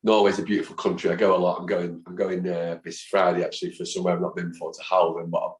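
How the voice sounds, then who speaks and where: This guest, a football fan in his fifties with a low, deep voice, talks fast and animatedly, voicing the characters in his anecdotes. It sounds like a relaxed interview, and the room adds a clear echo.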